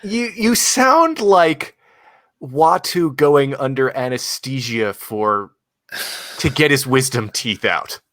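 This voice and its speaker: Lively teasing male podcast guest. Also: medium pitch, slow, no room sound. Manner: teasing, dry, laughs easily. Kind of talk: casual livestream chat.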